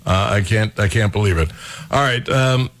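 A male radio talk show host, chatting casually, laughing often and pausing with many uhs. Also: fairly low pitch, fairly bright tone, dry recording.

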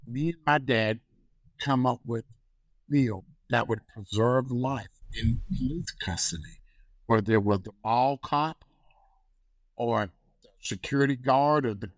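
Older male storyteller, lively, acts out voices, dry close sound. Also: mid-range voice, unhurried, no echo, poor audio. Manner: animated storyteller, acts out phone calls in voices. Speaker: guest, activist. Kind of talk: storytelling in a conversation.

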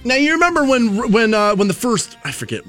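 A man's voice: very high voice, very animated, brisk, a bit bright, soft background music. A man hosting a casual talk show, chatting in a rambling, conversational way with frequent restarts. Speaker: radio show host.

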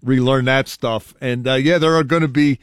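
A man delivers a radio sports update in a plain, matter-of-fact way. His voice sits at an average pitch, and the mic is close and dry. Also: fairly even intonation, normal speed, smooth, dry recording. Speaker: sports reporter.

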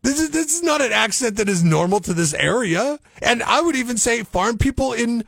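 A man's voice: extremely high pitch, lively intonation, a little fast, vocal fry, fairly bright tone, no room sound. A man co-hosting a morning radio show, chatting casually and laughing often. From California.

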